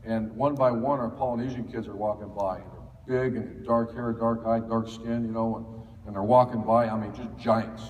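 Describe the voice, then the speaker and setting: In an echoey hall with faint ambience, a middle-aged man from Ohio, a football coach, spins folksy tales for a clinic crowd, restarting often and leaning on fillers. His voice is on the low side, fairly even, and moderately paced, and the distant-mic recording sounds muffled.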